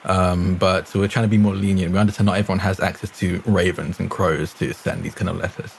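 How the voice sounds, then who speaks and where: A man playing a tabletop game in character, in a deadpan, mock-bureaucratic way. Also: deep voice, quick pace, vocal fry, slight background noise. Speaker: player.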